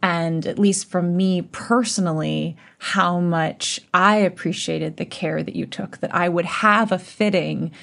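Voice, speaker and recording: A woman actor co-hosting a podcast, speaking earnestly and thoughtfully, with halting restarts. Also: on the low side, steady tone, vocal fry, a bit bright. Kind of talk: casual podcast interview.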